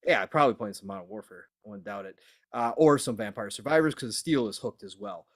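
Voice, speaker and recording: A man's voice: on the low side, animated, fairly quick. A man hosting a live podcast, upbeat, greeting viewers and laughing easily. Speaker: podcast host. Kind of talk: live-stream podcast chat.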